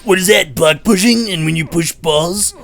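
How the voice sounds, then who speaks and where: A man's voice: high-pitched, moderate pace, creaky, a bit bright. A man putting on the voice of a laid-back surfer-dude game developer who drawls his replies. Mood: mellow agreeing. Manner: drawling slacker. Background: game music.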